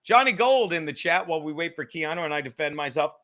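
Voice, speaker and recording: A man's voice: on the high side, lively intonation, quick pace, pushed and bright. A man hosting a livestream podcast, chatting casually with viewers in a rambling, joking, profane way.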